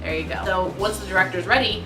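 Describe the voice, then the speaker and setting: A young woman telling a storytime vlog in an excitable, gushing way that bursts into squeals. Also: mid-range voice, quick pace. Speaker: vlogger. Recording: echoey room, mic at a distance, music behind.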